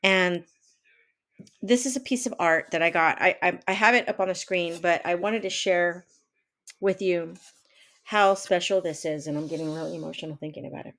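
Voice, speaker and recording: A woman in her fifties, a vlogger and life coach, speaks casually to camera from her home office at normal speed. Her voice is fairly low and fairly bright, and she rambles with many fillers and restarts.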